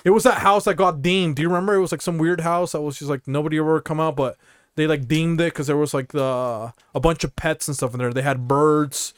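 Man, casual podcast host, rambling, laughs a lot, higher voice, dry sound. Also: fairly even intonation, brisk, clear, resonant tone, dry recording. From Utah. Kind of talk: casual chat.

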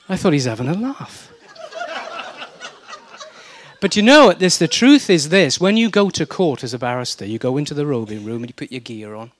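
A man's voice: fairly high pitch, moderate pace, pauses often, no echo. A middle-aged man from South Wales with a Welsh accent, preaching a sermon and telling stories with humor and mimicry. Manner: lively storytelling with mimicry and humor.

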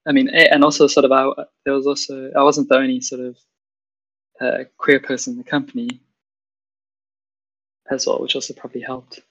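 A woman's voice: very deep voice, monotone, brisk, creaky, long pauses, fairly bright tone, husky, rough recording. A trans woman from South Africa with a South African accent, chatting casually and hesitantly, with many fillers and restarts. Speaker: guest. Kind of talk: casual chat. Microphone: video call.

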